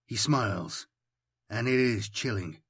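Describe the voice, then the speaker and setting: Husky-voiced male audiobook narrator. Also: medium pitch, animated, measured pace, a bit bright, dry recording, clean studio sound.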